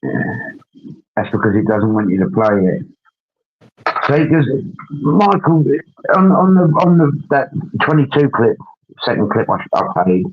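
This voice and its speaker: A man's voice: medium pitch, very animated, unhurried, pauses often. A man hosting a casual livestream chat. He rambles while he works through tasks on screen and tags his sentences with questions. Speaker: livestream host. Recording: dull lo-fi stream audio.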